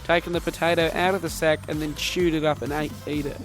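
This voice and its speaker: A man's voice: a little high, flat delivery, fast, faint music behind. A young man hosting a casual comedy podcast, joking and rambling, often tripping over and repeating his words. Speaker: podcast host.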